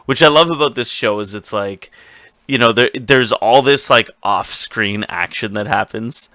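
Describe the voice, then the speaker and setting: A man co-hosting a casual recap show, energetic and rambling, often restarting sentences and acting out what characters say. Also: mid-range voice, a little slow, dry recording, studio quality. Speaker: podcast co-host.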